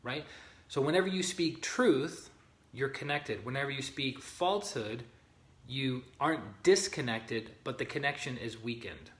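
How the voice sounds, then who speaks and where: A man's voice: mid-range voice, unhurried. Man teaching in a roomy echo. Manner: conversational, greets viewers by name, checks in with "okay?" and "right?". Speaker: spiritual teacher leading a group. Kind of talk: informal livestream teaching, reading aloud from a book.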